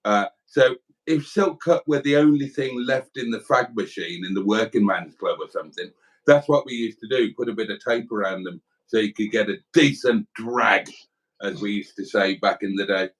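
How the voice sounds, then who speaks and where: A man's voice: on the low side, moderate pace, low-quality recording. A middle-aged man co-hosting a livestream, telling rambling, crude, joking anecdotes in casual banter. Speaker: livestream co-host.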